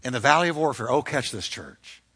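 A male pastor delivering a fiery, emphatic sermon, swinging between loud declarations and hushed lines. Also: medium pitch, lively intonation, brisk, husky. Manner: fiery, emphatic preaching with dramatic shifts.

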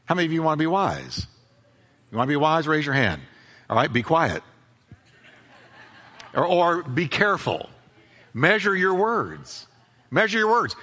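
High, lively pastor preaching in a reverberant hall. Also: male voice, normal speed. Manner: emphatic preaching with repeated phrases and acted-out dialogue. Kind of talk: sermon.

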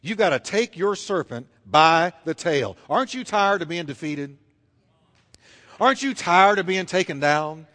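A man's voice: high-pitched, animated, a little slow, a bit bright. A man preaching a fervent sermon, driving his points home with repeated rhetorical questions.

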